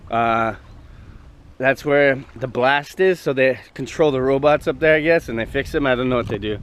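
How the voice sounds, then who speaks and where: A man casually telling a long personal story, rambling and profane with lots of fillers, recorded outdoors near traffic. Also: medium pitch. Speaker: host.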